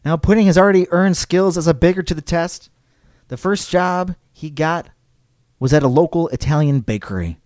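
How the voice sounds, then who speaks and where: A man's voice: fairly high pitch, normal speed, darkish tone, no room sound, clean studio sound. A man hosting a podcast, telling a history story in a casual, digressive way and reading quotes aloud. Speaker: podcast host.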